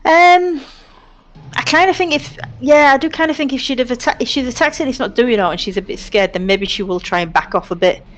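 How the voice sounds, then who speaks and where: A woman's voice: high-pitched, a little fast. A woman playing a tabletop game, thinking aloud casually with fillers. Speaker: player.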